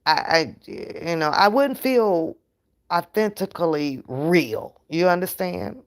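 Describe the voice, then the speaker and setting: Slow gravelly woman ranting to her chat. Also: lowish voice. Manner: profane, animated, laughs often. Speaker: channel host. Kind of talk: casual livestream rant.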